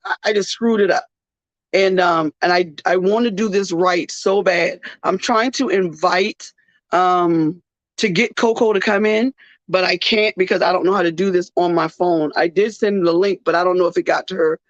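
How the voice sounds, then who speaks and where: A tired woman hosting a faith-based talk show, speaking emotionally and haltingly with many restarts, close to tears. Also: on the low side, fairly even intonation, no room sound, highs cut off. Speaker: radio show host.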